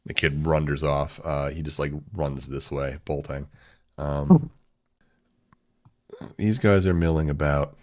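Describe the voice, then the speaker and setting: A man narrating a tabletop role-playing game as game master, in a relaxed, casual way. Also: extremely low pitch, slow pace, pauses often.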